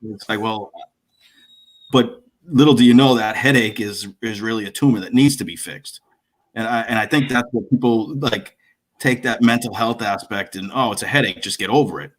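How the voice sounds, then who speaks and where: A man talking as a guest in a casual chat, often restarting his sentences and laughing quietly. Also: medium pitch. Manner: halting, with restarts and dry laughs.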